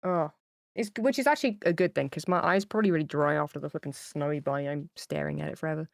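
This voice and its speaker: A woman's voice: low voice, quick pace, creaky, dry recording. Chatty woman streamer with a dry close sound. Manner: rambling and chatty, many fillers and restarts; gushing and tearful over cute pets. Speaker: game streamer. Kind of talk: casual livestream chat to viewers. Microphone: streaming mic, camera off.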